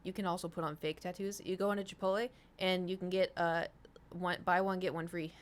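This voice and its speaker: A woman's voice: lowish voice, little pitch movement, a little fast. A young woman streaming from home, chatting casually and rambling to her viewers, swearing now and then. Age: young adult.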